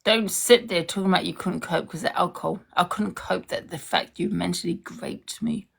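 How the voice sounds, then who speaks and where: A young woman delivers a heated social media rant. Her voice has a gravelly, creaky edge. She is confrontational and hammers points home by repeating herself. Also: fairly low pitch, normal speed.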